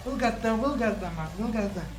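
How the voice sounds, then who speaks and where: Tired cocky guy streaming, swears a lot, kinda high voice, roomy echo. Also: expressive, brisk, soft background music. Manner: brash, boastful, profane. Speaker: livestreamer. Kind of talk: casual live-stream chat.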